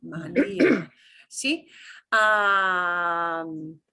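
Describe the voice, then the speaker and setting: A woman teaching a beginners' Spanish class with a bright, clear tone. She talks slowly and deliberately, stretching out each word so learners can repeat it after her. Her manner is patient and encouraging. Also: on the low side, sing-song. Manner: patient, drills words slowly and has students repeat. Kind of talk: online class lesson.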